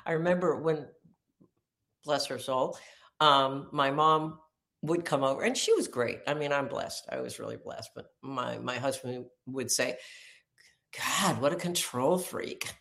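A woman hosting a casual conversation, talking in an animated way and laughing often. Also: rumbling low, measured pace, gravelly.

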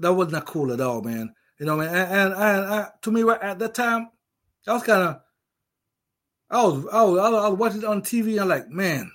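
A middle-aged man with an accent, a veteran, giving a casual, emphatic opinion monologue with many restarts. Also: sits high. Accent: non-native English. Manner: emphatic, repetitive, restarts often. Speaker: veteran commentator.

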